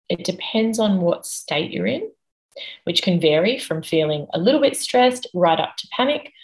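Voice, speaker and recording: A woman with a low-pitched voice talks as an interview guest. She explains her points patiently and in measured steps, building each idea in turn. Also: rough recording. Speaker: guest expert on the nervous system.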